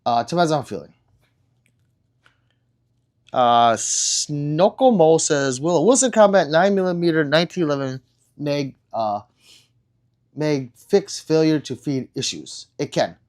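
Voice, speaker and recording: Casual live-stream host, young man, swinging lively pitch, joking and rambling through the chat. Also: unhurried, long pauses. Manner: joking, rambling, reads comments aloud. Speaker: livestream host reading chat.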